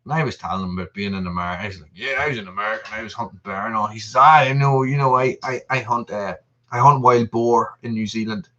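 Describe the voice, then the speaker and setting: A man in his thirties hosting a live stream, talking in loose, rambling chat and answering viewers as he goes. His voice is bright and forceful. The sound is dull and lo-fi. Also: fairly low pitch, fast. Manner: rambling and chatty, reading out viewer messages. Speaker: channel host.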